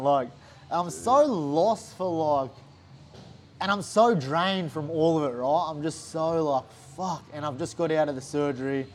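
Animated Australian man telling a story. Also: fairly high pitch, normal speed, a little hiss or hum. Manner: animated, swears often, heavy use of "like". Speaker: interview guest, fighter. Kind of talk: casual storytelling chat.

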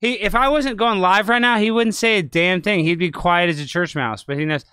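A man hosting a live video podcast, talking in a rambling, excitable way. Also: sits high, a little fast, clear, resonant tone, dry recording. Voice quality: loud, sing-song hype intro. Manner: rambling, excitable, talks over his cat. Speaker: podcast host.

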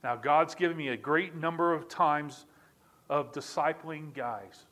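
Middle-aged pastor guy preaching, earnest, says the big lines twice, voice sits a bit high. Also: a little slow, a bit bright. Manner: earnest, repeats key lines for emphasis. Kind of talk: sermon.

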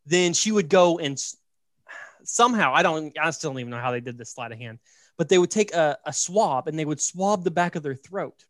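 A podcast host with a fairly high male voice tells a story in casual chat, animated and joking, a little fast. He keeps asking "right?" and leans heavily on "like," and the recording is close and dry.

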